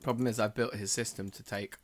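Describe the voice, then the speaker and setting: A man's voice: on the low side, steady tone, fairly quick. A man rambling casually to himself about his game code while eating pizza. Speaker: game developer. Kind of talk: casual thinking-aloud coding vlog.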